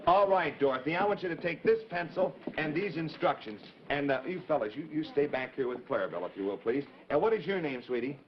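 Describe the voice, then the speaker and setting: A man's voice: fairly high pitch, lively intonation, fairly quick, few pauses, slight background noise. A man hosting a live children's TV show, genial and a little fussy as he talks to the kids. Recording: dull 1950s TV broadcast audio.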